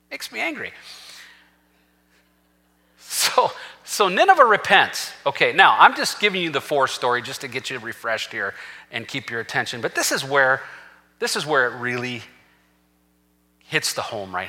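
A man's voice: medium pitch, big pitch swings, unhurried, pauses often, pushed and bright. A man preaching a sermon as senior pastor, telling a scripture story with acted-out quotes and rising to fervent peaks. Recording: long reverb of a large hall.

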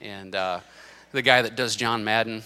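Bright-voiced middle-aged man preaching. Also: moderate pace, clear, resonant tone, big-room sound. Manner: animated preaching with big swings in pitch and loudness, joking asides. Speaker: pastor. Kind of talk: sermon. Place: church sanctuary.

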